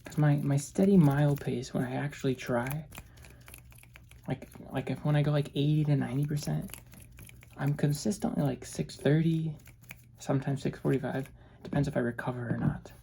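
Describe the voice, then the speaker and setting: A young woman rambling in a low monotone, soft-spoken ASMR style, often restarting her sentences. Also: normal speed, vocal fry, a little hiss or hum. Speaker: ASMR creator.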